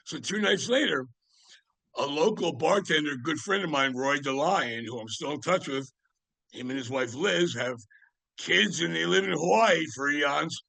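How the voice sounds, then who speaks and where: A man's voice: fairly high pitch, moderate pace, creaky, pushed and bright, no echo. A man in his seventies, a podcast guest telling long, rambling stories about music with many fillers and restarts. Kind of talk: casual anecdotal storytelling.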